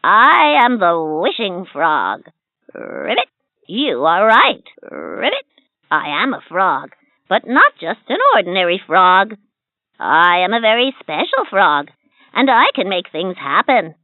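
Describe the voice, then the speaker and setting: A slow-talking wishing frog from a toy storybook, croaky and teasing, bouncy tune, thin tinny sound. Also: female voice, mid-range voice, big pitch swings, no echo. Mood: playful. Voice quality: croaks "ribbit" between lines. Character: magical talking wishing frog, friendly and sly.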